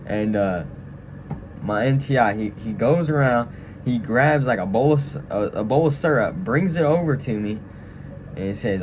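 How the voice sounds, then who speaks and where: A man's voice: on the low side, animated, moderate pace, background noise. A young man telling a story casually and walking through a tutorial, rambling with lots of fillers and tag questions. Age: young adult. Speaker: vlogger. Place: room at a training school.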